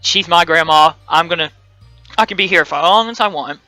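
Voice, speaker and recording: A man's voice: fairly high pitch, fairly quick, pushed and bright, no room sound, faint music behind, low-quality recording. A young man hosting a let's play, reading a dating game aloud with joking, playful asides.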